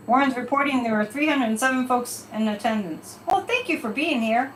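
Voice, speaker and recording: A woman's voice: high-pitched, normal speed, few pauses, far from the mic. A woman hosting a livestream psychic reading, talking casually and emphatically and repeating her points. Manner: animated and emphatic, repeating phrases. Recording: echoey room, from off mic, faint background noise.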